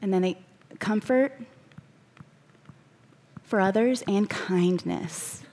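Slow-speaking woman preaching a sermon. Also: mid-range voice, a little mellow. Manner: reads scripture aloud, then slows to stress key words.

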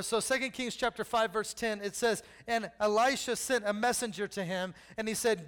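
Animated preacher man. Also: high voice, normal speed, few pauses, smooth. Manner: animated preaching, repeats key lines, acts out Bible figures with humor. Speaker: pastor. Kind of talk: sermon.

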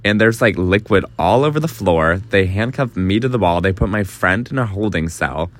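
Animated young man telling a story. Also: sits low, normal speed. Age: 20s. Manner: animated, lots of fillers and swearing, acts out quotes. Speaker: vlogger. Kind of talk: casual storytelling.

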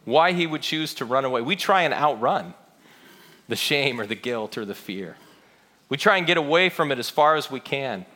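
A man's voice: medium pitch, lively intonation, moderate pace, sharp tone. A man preaching a sermon, telling a story with earnest feeling and acting out the quoted lines. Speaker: pastor.

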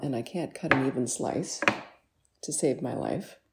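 A woman's voice: very deep voice, lively intonation, measured pace, gravelly, heavy background noise. A woman hosting a casual home baking vlog in her kitchen, chatty and enthusiastic, with lots of ums and appreciative mms. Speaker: baking show host.

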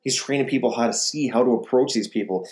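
A man's voice: medium pitch, fast. A man giving a conversational sermon, retelling gospel stories in a casual way and acting out the quotes. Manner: animated, acts out quotes, casual fillers. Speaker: ministry speaker.

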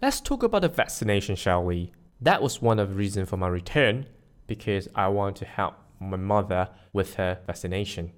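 A man's voice: deep voice, lively intonation, normal speed. A man from Malaysia hosting a scripted solo podcast, joking at his own expense and drilling pronunciation. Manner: playful, self-mocking, with pronunciation drills. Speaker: podcast host.

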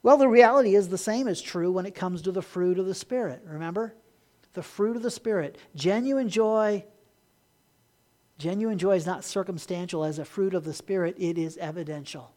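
A pastor preaching a Sunday sermon, rising to emphatic points and dropping quiet, often repeating words as he restarts. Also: high voice, fairly quick.

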